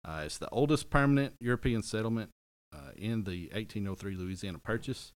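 A man's voice: on the low side, fairly quick, dry recording. A middle-aged man chatting casually on a podcast, rambling, correcting himself and joking as he goes. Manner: rambling, self-correcting, jokey. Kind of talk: casual chat.

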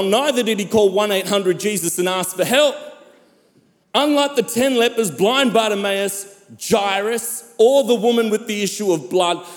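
A man in his fifties preaching a sermon, calling out to his congregation as he speaks. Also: high-pitched. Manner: preaching cadence with calls to the congregation. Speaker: pastor. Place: large church hall. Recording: reverberant hall.

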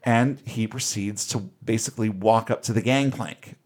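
Wry low-voiced man recapping a film. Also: moderate pace, darkish tone. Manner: wry, casual, swears offhandedly. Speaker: podcast host recapping a film. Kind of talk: casual recap chat.

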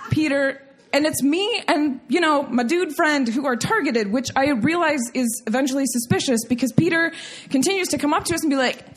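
High-voiced woman telling a funny story. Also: normal speed. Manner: animated, laughing through the story. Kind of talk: comic personal storytelling.

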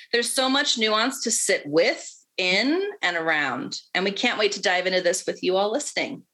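Bright-toned woman podcast host. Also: medium pitch, breathy edge. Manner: enthusiastic. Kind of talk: read introduction, then casual chat.

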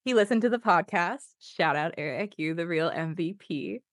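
A woman's voice: fairly low pitch, lively intonation, moderate pace, no room sound, clean studio sound. A woman co-hosting a podcast over a video call, chatting casually with lots of fillers and laughter. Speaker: podcast co-host. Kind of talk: casual chat. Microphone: remote video call.

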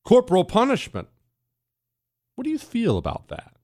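A man hosting a talk radio show, telling a story in a dramatic monologue that swings between hushed and emphatic. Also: high voice, huge pitch swings, normal speed, dry recording, studio quality. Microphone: studio microphone.

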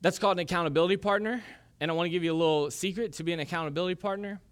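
A male pastor preaches a sermon, telling a story with casual jokes and asides. His voice sits a little high for a man, and his tone is conversational rather than formal. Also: rapid-fire, clean tone.

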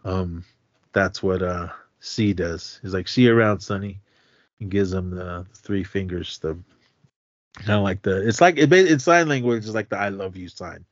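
A man with a slightly low voice walks through a film's story in a loose, rambling podcast chat, acting out each line with "he goes." The sound is dry and a bit dull and lo-fi, with no room around it. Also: normal speed, no room sound. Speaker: podcast co-host. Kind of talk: casual film recap.

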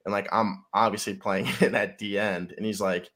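A man's voice: fairly low pitch, level tone, moderate pace, fairly bright tone. A young man, a college football player, casually telling a long story in a rambling, profanity-laced way full of fillers. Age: young adult.

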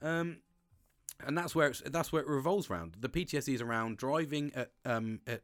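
A man, talking candidly and excitably to camera, swearing constantly and restarting sentences. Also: fairly quick. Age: 40s. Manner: swears constantly, animated, pitch jumps with excitement. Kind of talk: candid monologue.

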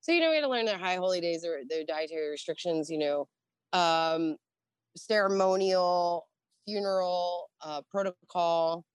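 A middle-aged woman guest casually telling a profane story about her Navy years, acting out the dialogue with animated energy. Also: lowish voice, moderate pace, clean tone, no echo. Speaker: guest, former Navy religious program specialist.

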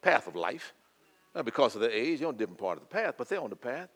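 An older man preaching a sermon, swinging from loud, fervent declaiming to quiet, intimate asides. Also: mid-range voice, sing-song, fast talker.

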